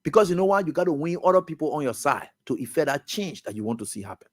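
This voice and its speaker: A man hosting a radio talk show, giving impassioned political commentary that swings from loud outbursts to low muttering. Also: big pitch swings, fast. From Liberia. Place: radio studio.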